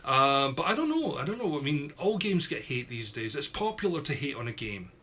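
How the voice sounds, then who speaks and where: A man's voice: medium pitch, big pitch swings, brisk, pushed and bright. A young Scottish man with an Ayrshire accent, chatting casually on a live stream and reading out viewer comments in a rambling, easygoing way. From Scotland. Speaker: YouTuber streaming a Q&A.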